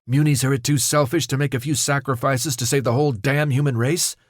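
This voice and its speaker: A man voicing a hard, scornful female guard in an audiobook, raising his pitch for her. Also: fairly even intonation, brisk, no room sound, studio quality, natural voice. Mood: disgusted.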